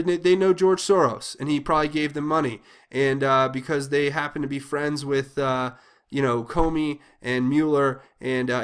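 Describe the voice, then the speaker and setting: A man's voice: a little high, fairly bright tone. Agitated, indignant man ranting. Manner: agitated, indignant, repeats himself with many restarts. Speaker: political commentary channel host. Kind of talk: impassioned political commentary monologue.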